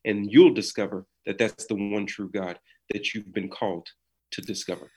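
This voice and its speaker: A man's voice: on the low side, steady tone, normal speed, darkish tone, slightly rough. A man speaking as a podcast guest with an earnest, sermon-like cadence, talking from a small room over a video call. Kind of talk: preaching in conversation.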